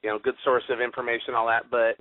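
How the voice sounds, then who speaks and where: A male radio host talks in a businesslike way and keeps the program moving. His voice is mid-pitched and dry. It sounds thin and tinny, like a phone call. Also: level tone, fast, dry recording. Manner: businesslike, moves the show along. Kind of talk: hosting a talk radio show.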